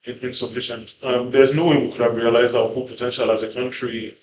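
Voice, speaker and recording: A man's voice: mid-range voice, flat delivery, a little fast, slight background noise. A man in a panel discussion, thinking aloud with many fillers and restarts. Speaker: panel guest. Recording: roomy with faint background ambience.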